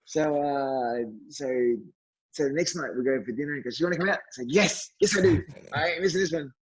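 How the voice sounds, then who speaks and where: Husky Australian man telling stories. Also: a little high, a little fast, poor audio. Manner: animated anecdote teller, acts out quotes. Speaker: podcast guest. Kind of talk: casual storytelling.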